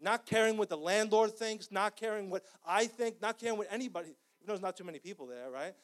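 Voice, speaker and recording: A man preaching. His voice sits high for a man, and he moves from fervent, shouted cries to hushed, earnest appeals. The delivery is passionate and unpolished. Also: fast talker. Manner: impassioned, rising to shouts. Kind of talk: sermon. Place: church.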